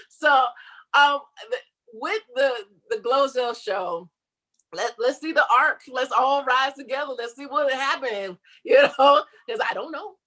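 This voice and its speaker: A woman guest chatting in a casual interview, animated, laughing often and slipping into quoted voices. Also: high-pitched. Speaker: interview guest, comedian and online creator.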